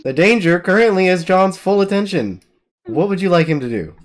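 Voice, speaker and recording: A reader narrating a group readthrough and teasing the other players in a lively, casual way. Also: medium pitch, brisk. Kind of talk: casual reading and chat.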